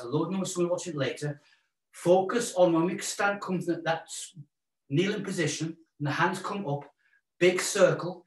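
A Welsh man leading a live exercise class, encouraging and jokey as he counts out the moves and cues breathing. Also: on the high side. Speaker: fitness instructor. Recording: roomy echo, mic at a distance.

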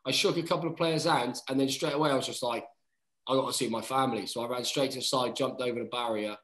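A man in his thirties recounts stories in a loose, chatty way, dropping "mate" into nearly every sentence. His voice sits at an average pitch. The recording carries a noticeable roomy echo. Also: fast talker. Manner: chatty, says "mate" often, lively retelling. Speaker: guest rugby player. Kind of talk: casual storytelling chat.

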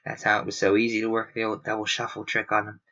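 A man reading as a wry, kindly, gentle-voiced man. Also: completely flat delivery, fast. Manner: low and gentle. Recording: dull lo-fi recording.

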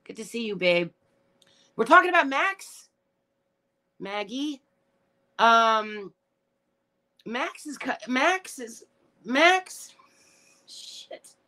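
A woman's voice: a little high, animated, slow pace, long pauses, sharp tone. A middle-aged woman hosting a casual live stream, rambling, tearful and upset, with profane rants. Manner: rambling, emotional, profane ranting. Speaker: livestream host reading chat.

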